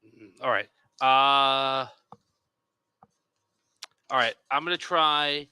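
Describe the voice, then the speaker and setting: A man taking his turn in a tabletop game, pausing and filling gaps while he works out his move. His voice is very bright and smooth, recorded close and dry. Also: mid-range voice, dry recording. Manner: hesitant, thinks aloud with fillers. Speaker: player. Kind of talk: casual tabletop game talk.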